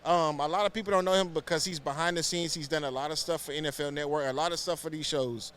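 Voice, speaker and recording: A man from Houston, co-hosting a podcast and telling animated stories in casual chat. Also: fairly high pitch, quick pace, clear, resonant tone. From Houston, Texas. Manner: animated storytelling, acts out quotes. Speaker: podcast co-host.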